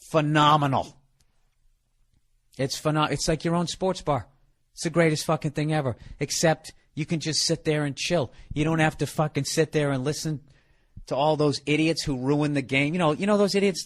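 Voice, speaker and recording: A man's voice: a little high, a bit bright. A middle-aged man hosting a podcast, rambling through a comic monologue in a profane, sarcastic, ranting way. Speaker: podcast host.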